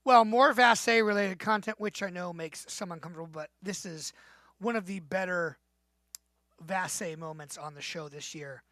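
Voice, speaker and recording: Bright male recap narrator. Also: sits high, moderate pace, slight background noise. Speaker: recap host.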